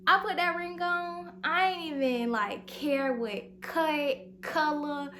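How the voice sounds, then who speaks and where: A young woman vlogger telling a storytime in an animated, slangy way, acting out the dialogue, recorded in her bedroom at home. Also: high voice, slow, a little hiss or hum. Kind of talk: storytime vlog.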